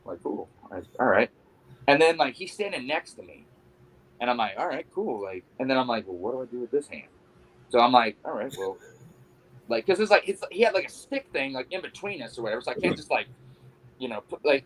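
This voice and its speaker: A man's voice: mid-range voice, sing-song, fast talker, a bit bright, a little hiss or hum, rough recording. A male pro wrestler, a guest on a podcast, telling a story casually in a rambling, sheepish, self-mocking way, full of fillers.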